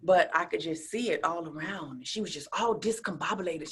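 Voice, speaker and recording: Interview guest, husky woman, animated storyteller with big swings in loudness. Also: sits low, moderate pace. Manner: animated storyteller who acts out quotes, dropping to a whisper and rising to near shouts. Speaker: interview guest, speaker and coach. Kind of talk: casual interview chat.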